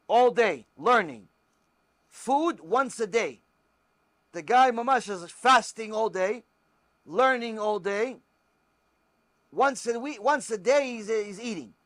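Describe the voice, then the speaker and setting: A rabbi teaching religious law and telling stories, emphatic and repetitive. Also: male voice, high-pitched, no room sound. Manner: emphatic, repetitive, animated storyteller.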